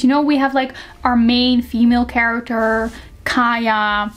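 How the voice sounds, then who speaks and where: A woman's voice: on the high side, flat delivery, measured pace. A young woman talking casually and frankly into the camera, reviewing books in a chatty way full of fillers. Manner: chatty, frank, lots of fillers like "like" and "you know". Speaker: book reviewer. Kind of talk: casual book review vlog.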